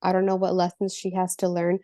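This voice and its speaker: A woman's voice: fairly low pitch, monotone, fairly quick, warm tone, dry recording, studio quality. A woman in a book club thoughtfully sharing her views, hesitant and full of fillers. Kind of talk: casual personal sharing.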